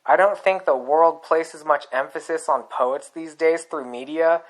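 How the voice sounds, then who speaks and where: A man reading the lines of an easygoing young male filmmaker in a plain, unhurried voice. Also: fairly high pitch, close to an everyday voice, rough recording.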